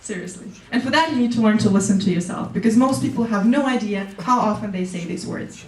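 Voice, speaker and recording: Lively woman, echoey hall. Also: mid-range voice, quick pace, far from the mic. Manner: lively, laughs often, acts out quoted people. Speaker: keynote speaker. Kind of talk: motivational public speech. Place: conference hall.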